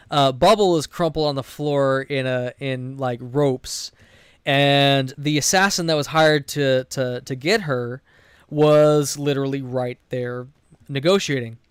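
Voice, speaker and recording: A man's voice: on the high side, smooth, no room sound, clean studio sound. A man streaming a game while telling a rambling, profane story from the tabletop game he runs, often breaking off mid-sentence. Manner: rambling, profane, self-interrupting. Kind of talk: casual storytelling while gaming.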